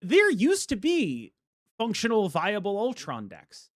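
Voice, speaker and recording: A man hosting a casual chat about a card game, animated and quick to laugh. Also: sits high, no room sound, clean studio sound. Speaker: host.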